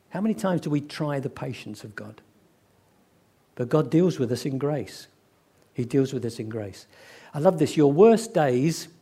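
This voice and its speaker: A man preaching a sermon, telling stories and acting out the voices of people in them, slowing down for emphasis. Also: medium pitch, dark tone, husky. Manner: storytelling, acts out quoted voices, slows for emphasis.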